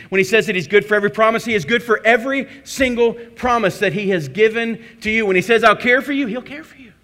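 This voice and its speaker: Male pastor, high bright voice, emphatic sermon delivery with rhetorical questions. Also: fast, few pauses.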